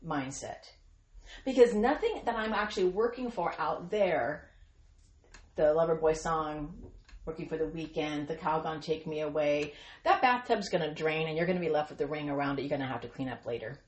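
Hosting a devotional podcast for Christian women, a woman speaks earnestly and encouragingly, adding playful asides in which she acts out quoted voices. Her voice is low, her pace moderate, and the room is echoey.

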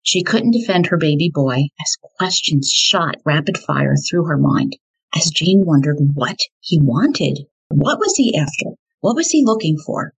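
A woman hosting a podcast, telling a true crime story in a measured, deliberate way. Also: sits low, animated, husky, poor audio. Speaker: podcast host.

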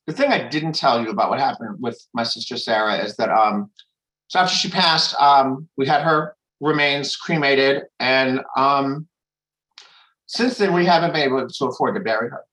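A man's voice: medium pitch, moderate pace, fairly bright tone, rough recording. A man sharing candidly at a recovery meeting, rambling with restarts and frequent swearing. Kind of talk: candid personal share.

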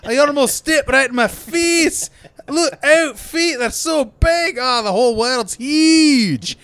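A man's voice: animated, takes it slowly, a bit bright, no echo, full character voice. A tiny, whiny two-foot man with a put-on lilt. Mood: whiny awe. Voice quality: shrill, quavering, with a put-on Celtic lilt. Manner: exaggerated, whining self-pity. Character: tiny squeaky man, overwhelmed by a huge world.

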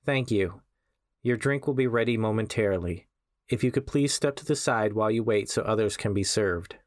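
A man voicing an emotionless young female barista who speaks in a deadpan, flat monotone. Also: on the low side, moderate pace, no room sound, studio quality, close to an everyday voice.

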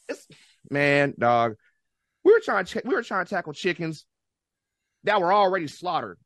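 Animated American man in dry, close chat. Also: high voice, moderate pace, long pauses, no room sound. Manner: animated, rambling, with many restarts and slangy outbursts. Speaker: guest football fan. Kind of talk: casual podcast chat.

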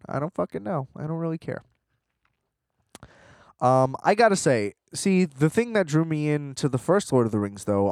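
A man talks casually on his own podcast, rambling and swearing as he laughs at himself. His voice sits at an ordinary middle pitch. The sound is close and dry, with no room around it. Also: a little mellow, no echo. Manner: rambling, profane, self-mocking. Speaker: podcast host. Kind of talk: casual solo commentary.

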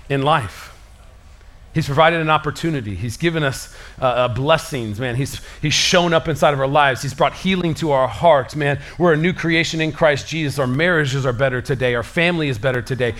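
A male pastor delivers a sermon in a lively, conversational way, full of casual slang. His voice sits a little on the high side for a man. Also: moderate pace.

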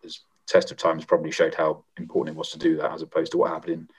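A middle-aged man, a former member of parliament, answering interview questions in a measured, reflective way with frequent pauses and restarts. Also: very deep voice, monotone, slightly rough. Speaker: former MP, guest.

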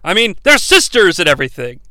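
Casting: a man playing a cocky scheming boss, bright lively delivery, bragging and offhand. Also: sits high, fast talker, dry recording, heavily acted. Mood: boastful.

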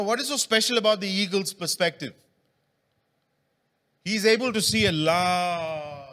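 With a high-pitched voice that sounds pushed and bright, a man preaches in a church hall. He keeps it casual, asking the congregation questions, and the recording has long hall reverb.

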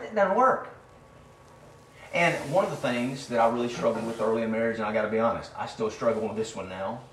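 A man preaching a sermon as pastor, animated, swinging between loud emphasis and quiet asides. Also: on the low side. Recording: roomy sound from a distant mic with faint room noise.

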